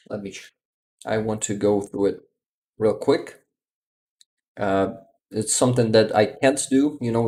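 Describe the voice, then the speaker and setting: Gravelly, relaxed man streaming. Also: fairly low pitch. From Ukraine. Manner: unhurried, searches for words, laughs often. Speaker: livestream host. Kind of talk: casual livestream chat, reading viewer comments aloud.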